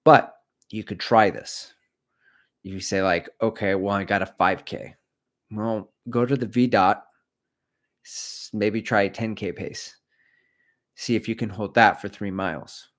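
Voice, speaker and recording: A man's voice: on the low side, fairly even intonation, measured pace, long pauses. A middle-aged man hosting a running livestream, chatting casually, cracking jokes and reading out viewers' comments. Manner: rambling, jokey, reads out chat comments. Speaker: running channel host.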